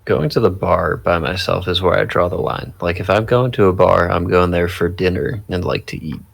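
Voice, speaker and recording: A man's voice: deep voice, fairly even intonation, moderate pace, vocal fry. A young man in his twenties co-hosting a podcast, laid-back and self-deprecating, laughing often. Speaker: podcast co-host. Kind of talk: casual chat.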